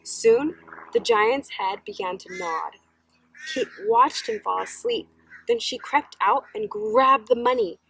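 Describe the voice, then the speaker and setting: A woman teacher reading a children's story aloud, slow, gentle and expressive. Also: a little high, vocal fry, husky, dry recording, rough recording.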